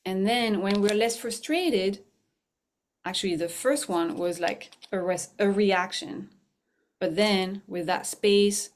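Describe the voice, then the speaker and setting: A middle-aged woman, a mindfulness teacher and guest on a show, telling a personal story in a chatty way, laughing often and restarting her sentences. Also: on the low side. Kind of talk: conversational storytelling.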